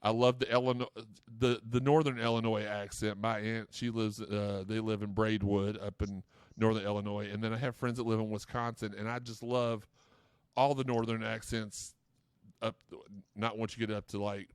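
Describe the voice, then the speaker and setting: A man's voice: lowish voice, flat delivery, normal speed, clean tone, no echo. A man hosting a sports podcast, chatting casually and telling rambling, jokey stories full of restarts. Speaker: podcast host. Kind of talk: casual chat.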